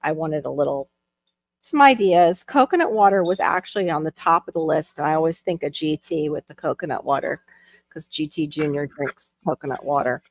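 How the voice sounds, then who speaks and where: A woman's voice: low voice, brisk. A woman hosting a casual livestream, chatting and greeting viewers from the chat as she reads it. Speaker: livestream host. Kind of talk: casual live-stream chat.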